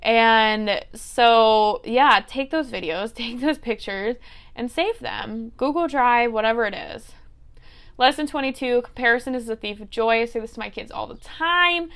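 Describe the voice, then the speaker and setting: Podcast host, woman in her twenties, smooth clear voice, earnest and chatty. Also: fairly high pitch, a little slow, a bit bright. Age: 20s. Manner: earnest, advice-giving, with fillers like "like" and "okay". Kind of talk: casual solo podcast talk.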